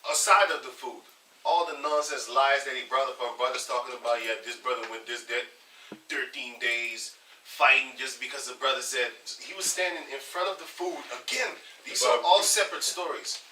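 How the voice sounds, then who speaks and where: Animated storytelling man, echoey far mic. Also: mid-range voice, moderate pace. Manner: animated storytelling, acts out others' lines. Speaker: group leader. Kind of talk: casual group chat telling stories. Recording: echoey room from far off, faint noise.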